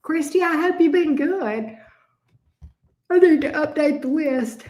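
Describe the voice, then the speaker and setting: Slow, chatty tarot reader woman. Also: sits high, expressive, darkish tone. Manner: chatty, repeats questions while shuffling. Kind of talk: live-stream tarot reading. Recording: roomy echo.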